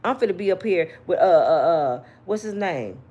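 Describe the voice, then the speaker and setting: A woman's voice: fairly low pitch, animated, moderate pace, warm tone, dull audio. A woman giving an emphatic, slangy opinion rant to her viewers, full of rhetorical questions. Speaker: commentary vlogger.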